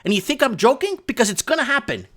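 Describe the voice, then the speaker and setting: A man hosting a casual livestream from a home studio, talking through chat messages in an excitable, rambling way. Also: extremely high pitch, fast. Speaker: livestream host.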